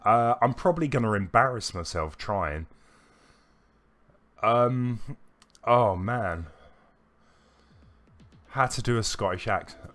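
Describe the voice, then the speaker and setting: A man's voice: lowish voice, lively intonation, takes it slowly, pauses often, a bit bright. A man talks through a live game stream, his voice rising and falling a lot as he rambles and stops to answer chat. His talk is loose and full of hesitations, with faint game music playing underneath. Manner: chatty and rambling, with frequent hesitations. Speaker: gaming streamer. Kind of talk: casual live-stream commentary reading chat.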